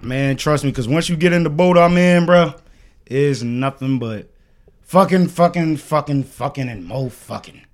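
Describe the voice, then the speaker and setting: A man co-hosting a podcast, telling stories loudly with lots of swearing and laughter. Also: fairly high pitch, measured pace. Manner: loud, profane storytelling with laughter. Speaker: podcast co-host. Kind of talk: casual chat.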